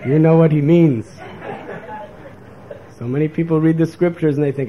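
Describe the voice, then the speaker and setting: Fairly quick and on the high side, a male spiritual teacher gives a lecture like a sermon, animatedly performing the voices he quotes. The sound is lo-fi, with crowd noise and a faint background hiss.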